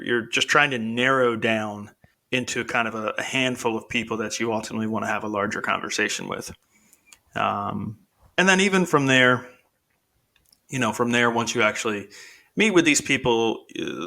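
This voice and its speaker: A man's voice: mid-range voice, sharp tone. A man answering interview questions as a contractor, talking informally with lots of "you know" fillers. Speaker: contractor guest.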